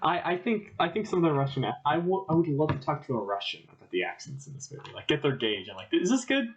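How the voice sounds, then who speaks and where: Animated man reviewing a film. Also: fairly high pitch, fast, slight background noise. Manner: animated, acts out characters in quoted voices. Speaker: podcast co-host. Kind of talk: casual film review chat. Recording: dull lo-fi podcast audio.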